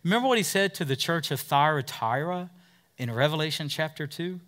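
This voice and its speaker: A man preaching a sermon as pastor, emphatic, with big swings in loudness and pace. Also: a little high, expressive, normal speed.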